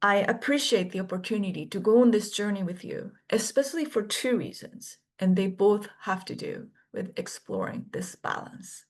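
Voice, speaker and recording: A woman course instructor gives a scripted orientation lecture in a measured, deliberate manner, pausing between the items of each list. Her mid-range voice has a sing-song quality.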